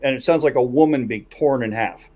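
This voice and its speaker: Male host spinning a suspenseful yarn, average pitch, easygoing chat. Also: fairly quick, warm tone, soft background music. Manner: builds suspense while recounting a tale. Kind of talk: casual storytelling chat.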